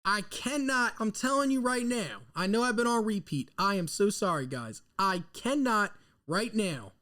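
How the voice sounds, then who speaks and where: A man, hosting a live draft reaction stream and rambling nervously as an excitable fan into a desk mic. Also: sits high, normal speed. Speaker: sports fan host.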